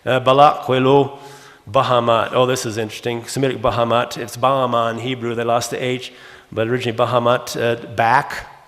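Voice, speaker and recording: Male conference lecturer, mid-pitched, brisk and a bit scattered, lots of uh's, heard in a reverberant hall. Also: flat delivery, a bit bright. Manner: rapid, fills with uh, restarts words, reads word lists aloud. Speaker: conference speaker.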